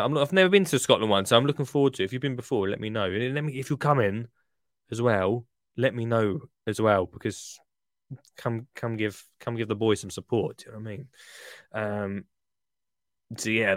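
A man's voice: lowish voice, clear, resonant tone, no room sound, studio quality. A man hosting a podcast in a chatty, rambling, jokey way. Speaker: podcast host. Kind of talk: casual podcast chat.

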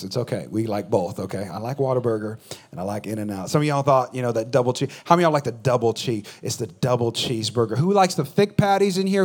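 A man from California preaching as pastor, joking in a loose conversational way and drawing answers from the congregation in church. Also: mid-range voice. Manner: joking, talks back and forth with the congregation. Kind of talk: casual conversational sermon.

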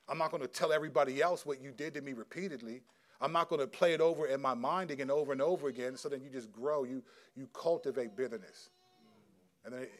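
A middle-aged man preaching as a pastor, earnest and conversational, answering a question from the congregation. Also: medium pitch. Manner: earnest, conversational, acts out quotes. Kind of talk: sermon with audience Q&A.

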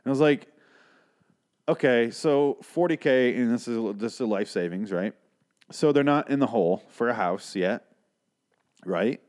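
A man's voice: medium pitch, measured pace, pauses often, darkish tone. A man hosting a podcast, recapping a TV episode in a casual, profane, sarcastic and rambling way. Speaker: podcast host.

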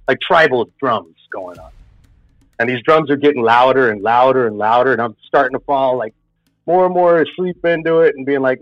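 A man's voice: medium pitch, moderate pace, no room sound. A man telling a personal spooky story in a casual, rambling way, full of filler words. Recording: dull lo-fi sound with faint music.

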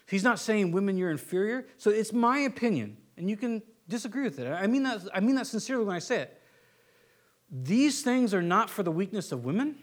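A man preaching a sermon in a conversational way, often restarting phrases and slipping into quick mock voices to make a point. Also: high-pitched, big pitch swings. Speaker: pastor.

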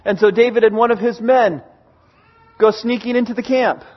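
High-voiced man preaching an animated sermon. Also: dull audio. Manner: animated, acts out characters in quick bursts. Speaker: pastor. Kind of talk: sermon storytelling.

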